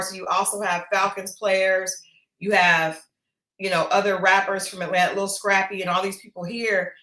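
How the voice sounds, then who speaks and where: A woman from Oklahoma co-hosting a casual podcast, acting out quotes as she tells her stories. Her voice is bright and carries a roomy echo. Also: medium pitch. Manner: animated storytelling with quoted voices. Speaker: podcast co-host. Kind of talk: casual chat. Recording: echoey room.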